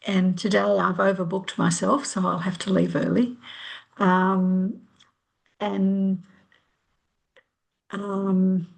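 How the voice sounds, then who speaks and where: A woman's voice: medium pitch, flat delivery, slow pace, vocal fry, long pauses. A middle-aged woman, a healer, sharing reflectively on a video call in a hesitant way with many ums. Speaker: healer, workshop participant. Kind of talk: casual sharing.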